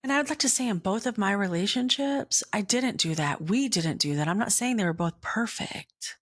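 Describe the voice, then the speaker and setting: A woman podcast host telling a personal faith story in an earnest way, often dropping into a hushed whisper. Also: mid-range voice, animated, no room sound, clean studio sound. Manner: earnest, slow, drops into whispers.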